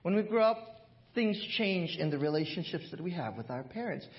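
A male pastor telling a personal story in a sermon, animated and often laughing, recorded in a church with dull lo-fi sound. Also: high-pitched, fairly quick. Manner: animated, laughs through his stories.

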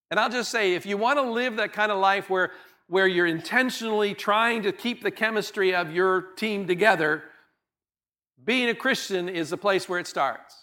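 A man's voice: high-pitched, sharp tone. A male pastor preaching a sermon in a church, earnest and conversational, often restarting his words and stopping for light laughs. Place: church sanctuary.

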